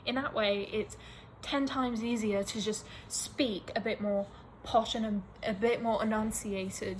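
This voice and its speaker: A young woman with an Australian accent, ranting casually to camera in a rambling, animated, self-mocking way. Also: medium pitch, a little slow, a little hiss or hum, rough recording. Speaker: vlogger.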